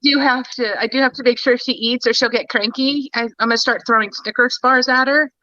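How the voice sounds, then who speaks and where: A woman's voice: a little high, fairly even intonation, brisk, bright, forceful tone, no echo, highs cut off. A woman, a guest artist, chatting in a friendly, easygoing way. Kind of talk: casual chat.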